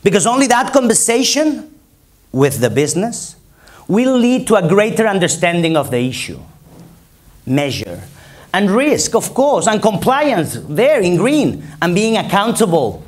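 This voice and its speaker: A man's voice: high-pitched, sing-song, unhurried. A man from Spain with a Spanish accent, giving an emphatic conference keynote and rallying the audience with repetition. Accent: Spanish, from Barcelona. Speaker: conference speaker. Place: conference hall.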